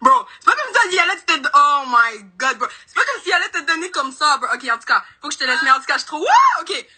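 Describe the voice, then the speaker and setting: A woman's voice: high-pitched, sing-song, rapid-fire, bright, forceful tone, rough recording. A young woman from Montreal with a Québécois accent, frantic and starstruck on a live phone video call. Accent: Québécois French. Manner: starstruck, frantic, switches between English and French. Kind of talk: excited live chat.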